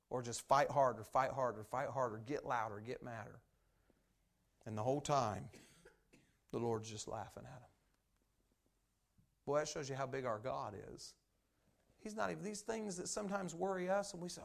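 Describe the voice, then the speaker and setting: A man preaching a sermon as pastor, folksy and animated, with many fillers and asides. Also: fairly high pitch, moderate pace, gravelly.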